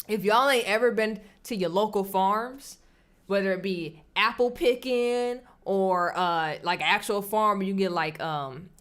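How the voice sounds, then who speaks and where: A woman hosts a livestream from a desk surrounded by screens, chatting casually with her audience. She talks at an easy mid pitch and laughs often. Now and then she drops to a hushed whisper. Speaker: livestream host. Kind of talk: casual chat. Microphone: streaming setup at a desk with screens.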